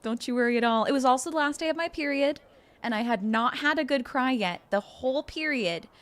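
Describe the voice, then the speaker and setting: A woman's voice: high-pitched, a little fast. A woman streamer chatting casually with her viewers in a bubbly, effusive, giggly way. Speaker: livestreamer. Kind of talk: casual livestream chat with viewers.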